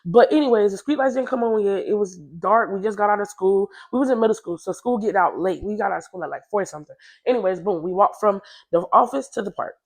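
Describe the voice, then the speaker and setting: A young woman telling a personal story in a casual, slangy, chatty way, often jumping into a higher voice to quote others. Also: fast talker.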